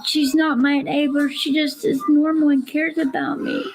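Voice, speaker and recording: A woman's voice: sits high, flat delivery, moderate pace, music in the background, low-quality recording. An older woman, a grandmother, talking to viewers on a livestream, crying, pleading and defensive. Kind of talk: tearful livestream talk to viewers.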